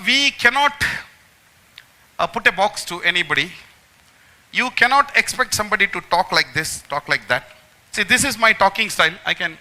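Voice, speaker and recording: Bright-voiced man lecturing students. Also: high voice, poor audio. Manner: emphatic, repeats phrases, addresses the audience directly. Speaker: magician giving a memory talk to students.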